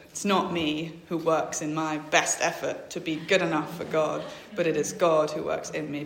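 A woman's voice: low voice, little pitch movement, moderate pace, creaky, few pauses. A woman in her twenties gives a personal faith testimony. She speaks hesitantly with many filler sounds and reads Bible verses aloud. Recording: echoey room.

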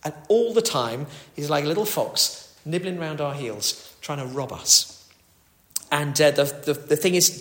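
A man preaching a sermon in a relaxed, conversational way, with fillers and restarts. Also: a little high, a little slow. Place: church. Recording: echoey church hall.

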